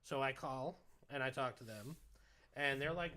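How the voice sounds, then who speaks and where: This man talks at a medium pitch and an ordinary pace while co-hosting a podcast. His story comes out as a profanity-laden, exasperated rant, animated and casual.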